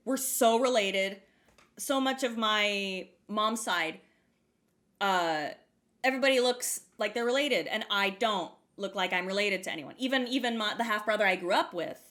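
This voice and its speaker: A young woman with a high, bright voice tells a story in relaxed podcast chat. She swears freely and laughs as she goes. She acts out other people's lines with sudden leaps in pitch. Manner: acts out quoted voices with big jumps in pitch.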